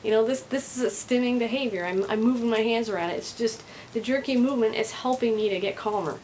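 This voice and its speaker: An overstimulated woman rambles straight to camera in a casual vlog. Her voice sits a little high, pushed louder than usual, and sounds angry and on edge. There is a faint hiss underneath. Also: quick pace, rough recording. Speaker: vlogger.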